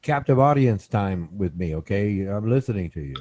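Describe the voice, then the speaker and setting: A man's voice: fairly low pitch, animated, normal speed, darkish tone, no room sound. A man giving short, laid-back replies in a casual chat.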